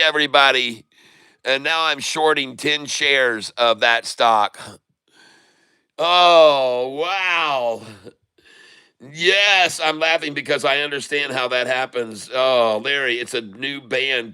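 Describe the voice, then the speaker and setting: A man hosting a live day-trading stream, excitedly calling out share prices and exclaiming to his viewers. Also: mid-range voice, smooth, dry recording. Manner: exclamatory, rattles off prices, addresses viewers as folks. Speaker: day-trading livestream host.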